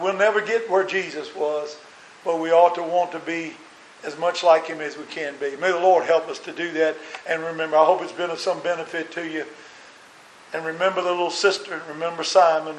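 A man preaching a sermon as a minister, earnest and full of rhetorical questions. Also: a little high. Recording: roomy echo.

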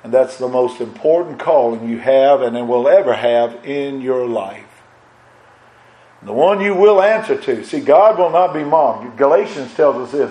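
A man's voice: mid-range voice, animated, unhurried, mellow, reverberant, lo-fi sound. A man preaching a sermon in an impassioned cadence that swells and drops.

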